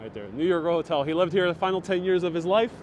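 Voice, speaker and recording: A man's voice: high-pitched, expressive, quick pace, darkish tone, slight background noise. A man giving a live walking tour outdoors on a city street, chatting with viewers and reading their comments aloud, on a wireless lapel mic. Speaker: livestream city tour guide. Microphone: wireless lapel mic with phone on gimbal. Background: street ambience.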